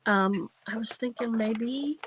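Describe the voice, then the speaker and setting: A woman's voice: a little high, slow pace, slight background noise, rough recording. A woman in her seventies hosting a crafting livestream, chatting casually and thinking aloud while she works.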